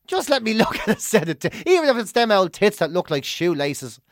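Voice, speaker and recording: An Irish man co-hosting a podcast, telling stories in casual chat, swearing freely and acting out his own shouting. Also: high voice, big pitch swings, brisk, no echo, clean studio sound. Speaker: podcast co-host.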